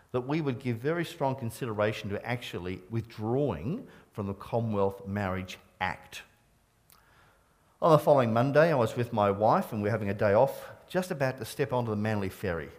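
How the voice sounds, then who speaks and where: A middle-aged man preaches with an Australian accent that still holds a trace of Scottish. His pitch sits in the middle of the range for a man but swings widely as he presses his points. He is earnest and emphatic, and he repeats and restarts words as he goes. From Scotland. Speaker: pastor. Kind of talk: sermon.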